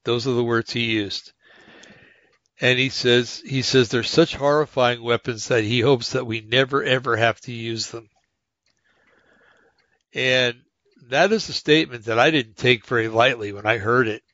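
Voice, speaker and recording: A man's voice: medium pitch, fairly even intonation, a little slow, pauses often, pushed and bright, no echo. Guy rambling on his podcast, lots of ums, dull dry mic sound. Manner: rambling, many fillers and restarts. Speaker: podcast host. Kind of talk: casual monologue reading articles aloud.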